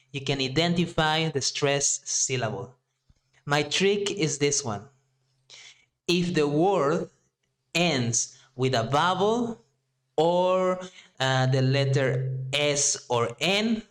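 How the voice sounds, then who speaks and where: Slow, deliberate Mexican-accented male teacher. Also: fairly high pitch. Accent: Mexican Spanish. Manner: slow and deliberate, drawing out example words. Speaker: Spanish teacher. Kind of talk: language lesson.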